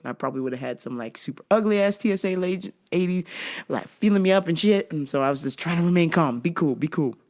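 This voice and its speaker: A woman's voice: fairly low pitch, quick pace, a little mellow. A woman telling a story to her viewers as a vlog host, casual and profane, laughing often as she goes. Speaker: vlogger host.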